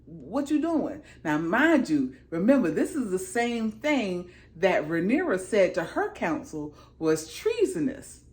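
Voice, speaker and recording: Animated woman recapping a TV episode. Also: mid-range voice, unhurried, few pauses. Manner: animated, emphatic, slangy. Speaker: TV show reviewer.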